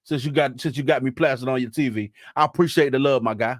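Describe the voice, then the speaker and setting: A man's voice: medium pitch, fast talker, dry recording, studio quality. A young man chatting casually on a live stream, laughing and teasing in slangy talk.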